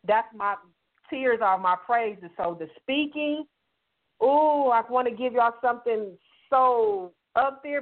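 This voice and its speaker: A woman guest author sharing candid personal testimony in an emphatic, heartfelt way over the phone. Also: on the high side. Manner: emphatic and heartfelt, quotes dialogue. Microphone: telephone call-in. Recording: tinny phone line.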